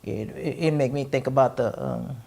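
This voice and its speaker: Gravelly middle-aged woman telling a story. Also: very deep voice, steady tone, moderate pace, mellow. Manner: rambling, searching for words as she recounts. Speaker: podcast host. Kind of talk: personal storytelling in conversation.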